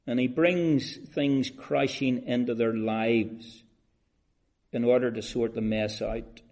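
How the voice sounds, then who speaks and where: A man preaches a sermon, moving from soft, measured speech to loud, drawn-out emphasis and calling his listeners beloved and friends. His voice is mid-range with fairly even intonation.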